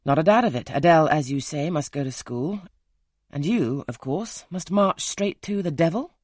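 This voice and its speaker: A man with a husky voice reading the part of a brusque, teasing wealthy gentleman in an audiobook, gruff and commanding. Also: mid-range voice, normal speed, dry recording, clean studio sound.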